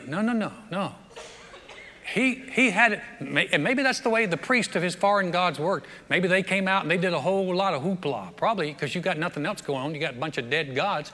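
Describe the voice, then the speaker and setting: High, bright, animated preacher man. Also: normal speed. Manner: animated storytelling, humorous asides. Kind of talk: sermon. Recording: long reverb of a big hall.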